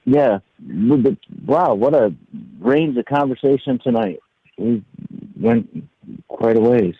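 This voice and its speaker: A man's voice: medium pitch, animated, slow, breathy edge, no echo. A middle-aged man from New York calling in to a show, musing aloud and searching for his words. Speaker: caller. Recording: tinny phone line.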